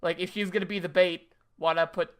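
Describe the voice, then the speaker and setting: A man's voice: high voice, fairly even intonation, fairly quick. A man playing a tabletop game in character, hesitant and stammering.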